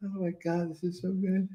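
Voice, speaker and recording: A man in his fifties hosting a casual live stream, reading viewer comments aloud and laughing often. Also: sits high. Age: 50s.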